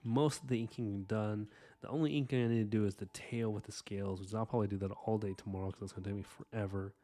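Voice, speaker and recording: A man hosting an art live stream, chatting casually and earnestly with viewers while he inks, full of fillers and soft asides. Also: fairly low pitch, steady tone, fast. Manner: earnest, rambling, warm-hearted thanks to viewers. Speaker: live-stream artist host.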